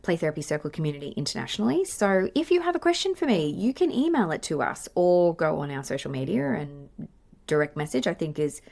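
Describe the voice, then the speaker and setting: A woman's voice: deep voice, sing-song, quick pace, creaky, darkish tone. A woman in her forties with an Australian accent, hosting her own podcast in chatty, effusive, rambling talk. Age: 40s. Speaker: podcast host, play therapist. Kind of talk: casual solo podcast chat. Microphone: podcast microphone.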